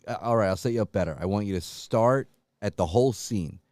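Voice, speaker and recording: A man co-hosting a podcast, telling absurd stories in a deadpan way and directing comic bits. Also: lowish voice, fairly quick, dry recording, studio quality. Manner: deadpan storytelling breaking into mock wailing. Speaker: podcast co-host.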